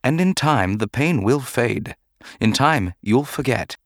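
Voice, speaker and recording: A man voicing a calm, measured middle-aged Jedi knight who speaks gently and formally. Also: mid-range voice, dry recording, studio quality. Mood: gentle.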